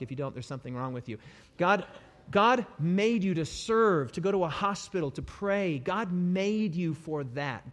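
A man delivers an impassioned sermon, his voice sitting at a middle pitch. He drops to soft, pleading tones, then swells into loud emphasis. His words ring out with the long reverb of a large hall. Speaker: preacher.

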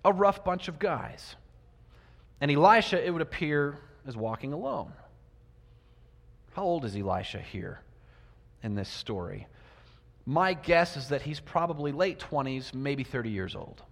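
A man with a fairly high voice preaches a sermon, firing rhetorical questions at his congregation. He swings between loud emphasis and hushed asides, and his voice carries a long reverb from a large church hall. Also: expressive, a little slow, vocal fry, pauses often.

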